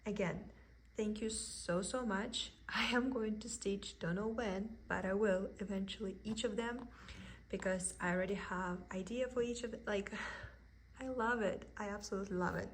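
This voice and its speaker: A woman with a thick Russian accent, a vlogger chatting excitedly about her cross stitch haul at home. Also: medium pitch, normal speed, a little hiss or hum. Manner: gushing, excited, with soft giggles. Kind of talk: casual haul video.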